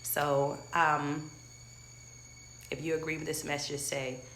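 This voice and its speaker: Woman coach talking to her viewers, kinda low voice, earnest, says stuff twice to make it stick. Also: level tone, slow, a bit bright, a little hiss or hum. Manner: earnest, repeats points, addresses viewers directly. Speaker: life coach. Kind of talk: motivational talk to viewers.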